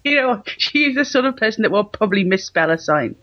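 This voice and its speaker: A man's voice: high-pitched, sing-song, brisk, no echo, muffled recording. A man co-hosting a comedy podcast over a call, cheeky and camp with frequent laughter. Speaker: podcast co-host. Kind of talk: casual comedic chat. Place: rural house in France. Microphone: remote call.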